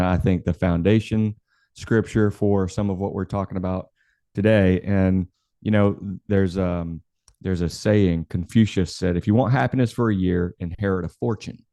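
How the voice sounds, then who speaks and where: Deep-voiced, easygoing male co-host. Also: creaky, mellow, no room sound, studio quality. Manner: thoughtful, easygoing, quotes scripture. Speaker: podcast co-host. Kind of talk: casual podcast chat.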